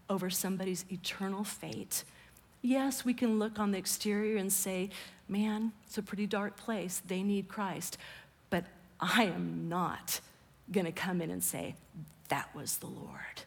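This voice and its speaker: A woman's voice: mid-range voice, steady tone, unhurried, creaky, husky, in a large hall. A woman preaching a conversational sermon, often dropping her voice to a whisper for emphasis.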